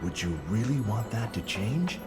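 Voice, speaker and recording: A man's voice: on the low side, lively intonation, moderate pace, lightly acted. An actor voicing a sardonic male adventurer in a video game, who speaks in dry, witty remarks. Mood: wry. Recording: game music behind the voice.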